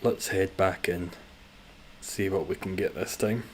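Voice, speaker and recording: Man, live game streamer, chatty and sweary, lowish pitch, faint room hum. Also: steady tone, a little slow. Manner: chatty, sweary, reacts to chat and gameplay.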